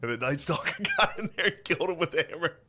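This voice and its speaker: Profane laughing man, animated pitch. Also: fast talker, noisy background. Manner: laughs through his telling, acts out lines in loud shouts; profane, drops to a mumble for grim details. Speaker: podcast co-host. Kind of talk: casual comedic chat.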